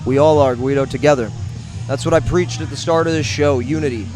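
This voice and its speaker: Over music, a man from the St. Louis area, USA, delivers emotional wrestling-show commentary, heartfelt and emphatic and repeating himself. His voice is medium-pitched and brisk.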